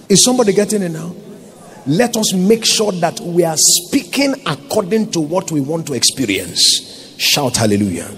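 A man's voice: fairly high pitch, sing-song, normal speed, fairly bright tone, a little hiss or hum. A Nigerian man preaching a sermon as pastor, emphatic and calling out to his congregation for responses.

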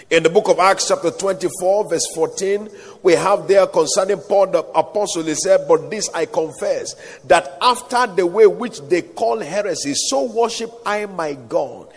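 A man's voice: sits high, lively intonation, unhurried, husky, big-room sound. A man preaching a sermon, quoting scripture in old-style wording and calling on the crowd to say amen. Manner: preaching with calls for amen and King James quotations.

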